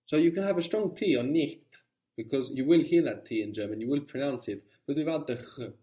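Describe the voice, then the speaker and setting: A man's voice: medium pitch, a little fast, mellow. A man teaching a language lesson, explaining patiently and encouraging his student.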